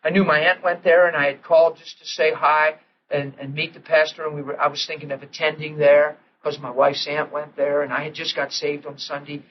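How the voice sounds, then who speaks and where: A man preaching through a personal story, excitable and animated, often laughing as he tells it, on a dull lo-fi old recording. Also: fairly high pitch, brisk, a little hiss or hum. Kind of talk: storytelling sermon.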